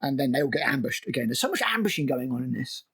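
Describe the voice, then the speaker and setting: A man's voice: medium pitch, big pitch swings, fast talker, a bit bright, slightly rough, soft background music. A man recapping a TV episode as a review host, exasperated and sarcastic and swearing freely.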